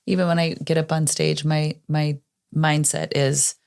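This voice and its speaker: A woman co-hosts a relaxed podcast conversation with a gravelly, creaky texture in her voice. She sounds encouraging and heartfelt. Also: deep voice, a little slow. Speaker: podcast co-host. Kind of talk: casual conversation.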